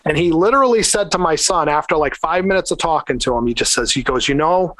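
Middle-aged man, slightly high voice, rambling animated storyteller, dry close recording. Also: quick pace, few pauses, no echo. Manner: rambling, animated, lots of "like" fillers. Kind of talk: casual anecdote.

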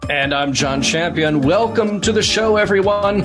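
A man's voice: high voice, normal speed, over music. A man co-hosting a live podcast, chatty and friendly, a little under the weather. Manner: chatty, friendly, reads out listener comments. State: under the weather, slightly congested. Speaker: podcast co-host.

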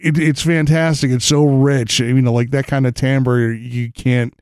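An enthusiastic man chats casually in the studio, his pitch in the middle range. His talk is chatty and full of quick restarts. The sound is close and dry. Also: little pitch movement, a little mellow, clear, resonant tone, dry recording. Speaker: show creator and former host. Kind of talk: casual chat. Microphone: studio mic.

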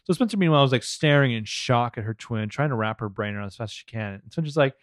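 Casual male podcast co-host, mid-pitched, dry. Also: fast talker, hardly any pauses, dry recording. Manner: animated, rambling. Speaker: podcast co-host recapping a TV show. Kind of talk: casual chat.

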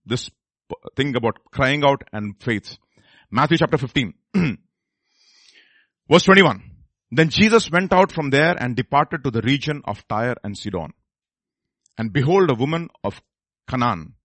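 A man preaching a sermon, moving between low murmured asides and loud, high exclamations and questions to the congregation. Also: dry recording. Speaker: pastor.

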